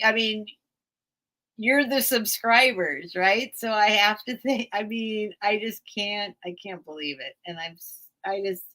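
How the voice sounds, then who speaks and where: A woman hosting a live sale stream, rambling and emotional as she thanks her viewers in halting phrases. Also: medium pitch, sharp tone. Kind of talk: casual livestream sign-off.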